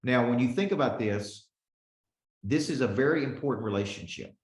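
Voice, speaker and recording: A man's voice: mid-range voice, expressive, normal speed, roomy sound. A man in his forties, a business coach teaching a live webinar with lots of energy, calling on listeners by name and often checking in with "okay?". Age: 40s.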